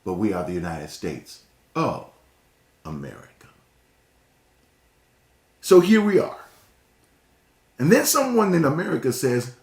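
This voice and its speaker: A man's voice: fairly low pitch, big pitch swings, moderate pace, pauses often, darkish tone, roomy sound. A man from Northeast Ohio with a slight Texas drawl, giving an emphatic motivational talk and often repeating words. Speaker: speaker.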